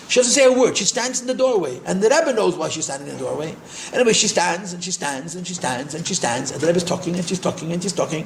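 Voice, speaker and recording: An older man, a rabbi, telling stories in a repetitive, animated way and sprinkling in Yiddish and Hebrew terms. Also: high-pitched, a little hiss or hum. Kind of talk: storytelling talk. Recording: echoey room.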